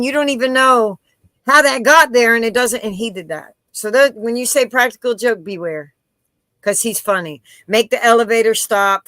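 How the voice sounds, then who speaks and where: A woman hosting a live interview, telling stories in an animated way and acting out the voices of the people in them. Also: medium pitch, no room sound. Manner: animated storyteller, acts out quoted voices. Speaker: interview host. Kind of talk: casual live interview chat.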